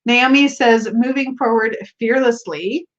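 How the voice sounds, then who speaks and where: A woman's voice: on the high side, unhurried, muffled recording. An American woman hosting a tarot live stream, chatting casually, giggling often and reading viewer comments aloud. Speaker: tarot livestream host.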